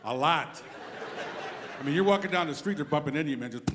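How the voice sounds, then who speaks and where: A middle-aged man doing a live stand-up routine on a club stage, telling animated stories and slipping into character voices. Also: a little high. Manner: animated, quick storytelling that slips into acted character voices. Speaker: stand-up comedian. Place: comedy club stage before a live audience. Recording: reverberant live room with steady background noise.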